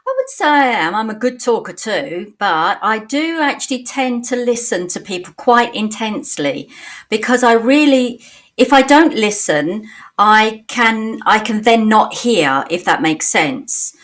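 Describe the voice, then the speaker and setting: A woman's voice: on the high side, animated, a little slow, fairly bright tone. A middle-aged woman from Britain whose English accent carries a slight Australian twang. She chats easily as an interview guest over a video call and laughs often. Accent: British English with a slight Australian twang. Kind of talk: casual interview chat.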